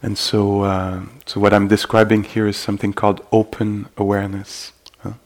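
Man, gravelly and flat, halting dharma talk. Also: on the low side. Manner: halting, full of fillers and gentle asides. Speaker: meditation teacher. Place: meditation retreat hall.

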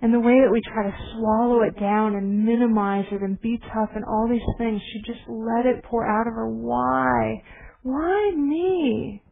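A woman meditation teacher giving a dharma talk, telling stories in a gentle, reflective way. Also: fairly high pitch, little pitch movement, a little fast, hardly any pauses. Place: meditation hall. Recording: tinny phone-like recording with faint hiss.

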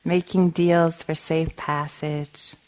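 Female meditation teacher, lowish voice, storytelling dharma talk with frequent laughter. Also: takes it slowly. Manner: storytelling, laughs often, animated. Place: meditation hall.

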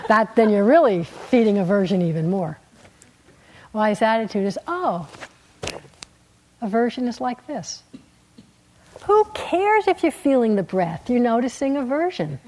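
Gentle husky woman meditation teacher. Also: medium pitch, low-quality recording. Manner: gentle, unhurried, with soft laughs and quiet trailing endings. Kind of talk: dharma talk. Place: meditation hall.

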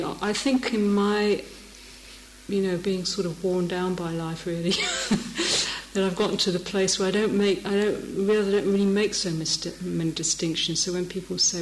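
A middle-aged woman with a lowish voice gives a dharma talk as a meditation teacher, telling stories and laughing often. She's in a meditation hall, the recording is echoey, and there's a slight hiss or hum.

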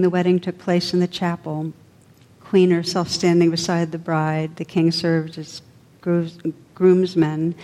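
A woman meditation teacher narrates an old legend during a dharma talk, her pace soft and measured. Her voice is low and mellow. A long hall reverb hangs behind it.

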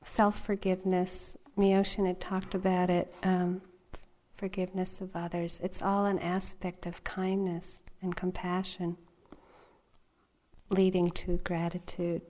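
Her pitch on the low side and barely moving, a middle-aged woman meditation teacher recounts a personal story during a dharma talk. She tells it softly and without hurry, laughing frequently.

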